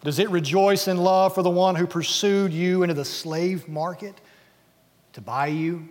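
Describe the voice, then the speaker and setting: An earnest male pastor preaches a sermon with a somewhat high voice, sometimes sinking to a quiet hush. His words ring out with the long reverb of a large church hall. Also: fairly even intonation, measured pace. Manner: earnest, dropping to a hush at key points. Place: church sanctuary.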